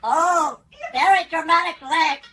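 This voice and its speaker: A woman's voice: very high voice, unhurried. A woman voicing a cheeky, bossy talking parrot that teases in mock-dramatic commands. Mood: teasing. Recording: loud background noise.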